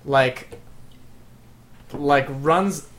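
A man player describing his character in a tabletop game, halting with many fillers. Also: on the high side, a bit bright.

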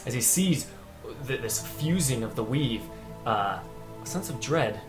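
A man narrating as game master of a tabletop game in a casual, halting way. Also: mid-range voice, animated, over music.

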